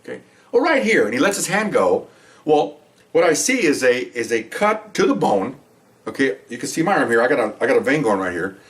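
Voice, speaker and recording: A man's voice: a little fast, recorded from a distance. An older man, a retired police veteran, casually telling stories from the job and acting out the voices in them. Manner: animated, acts out quoted dialogue with higher pitch. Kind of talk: casual storytelling to camera.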